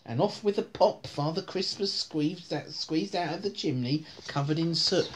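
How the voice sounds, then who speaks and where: A woman's voice: sits low, moderate pace, a little hiss or hum. A woman reading a bedtime story aloud to her children at home, often breaking into laughter as she reads.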